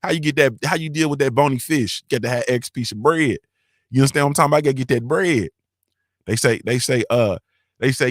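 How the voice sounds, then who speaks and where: Hosting a morning show in the style of a casual live-stream chat, a man talks in loose slang, swears, laughs, and frequently checks in with his listeners. His medium-pitched voice moves at a quick pace, and the recording is dry with clean studio sound.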